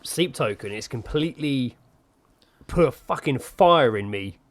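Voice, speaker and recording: A man's voice: mid-range voice, expressive, a little slow. A man co-hosting a podcast, talking in a rambling, enthusiastic way with plenty of fillers. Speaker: podcast co-host. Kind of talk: casual chat.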